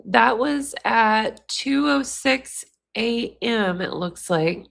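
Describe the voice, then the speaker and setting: A woman's voice: fairly high pitch, expressive, very slow, gravelly, a bit bright. A woman hosting a live stream, chatting casually and speaking straight to her viewers. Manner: chatty, addresses viewers directly.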